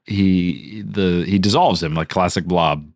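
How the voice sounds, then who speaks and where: A man's voice: deep voice, measured pace, darkish tone, dry recording, clean studio sound. A man co-hosting a podcast, improvising a story in casual chat, laughing and acting out characters' lines. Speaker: podcast co-host.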